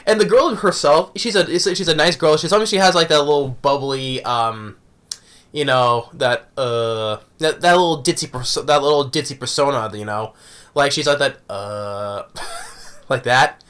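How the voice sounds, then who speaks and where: A man's voice: on the high side, a bit bright. A man giving a casual, rambling review of an anime episode, often tagging on "right?".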